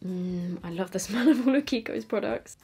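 A woman's voice: medium pitch, normal speed, very noisy. Young woman, makeup vlogger, casual self-mocking chatter, drifts off mid-sentence while applying. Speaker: beauty vlogger. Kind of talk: casual makeup tutorial chat.

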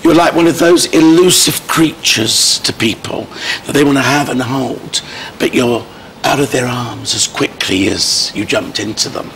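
Hoarse guy hosting a chat show, camp and gushy, middle pitch, bit of faint noise behind. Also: a little slow, a bit bright. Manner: camp, gushing, calls guest darling. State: hoarse throat. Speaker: TV talk show host. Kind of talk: chatty celebrity interview.

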